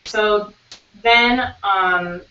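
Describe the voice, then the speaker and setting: A woman's voice: mid-range voice, very slow, bright, forceful tone. Chatty young woman telling a story. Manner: chatty, full of "like" and "um", laughs often. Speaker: podcast co-host. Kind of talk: casual storytelling over dinner. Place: restaurant table. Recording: dull, echoey, from a distance.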